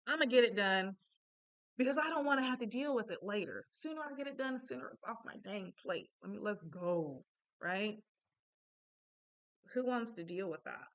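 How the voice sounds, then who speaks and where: A woman's voice: medium pitch, a bit bright, smooth. A young adult woman giving a casual, chatty self-help talk, candid and full of asides.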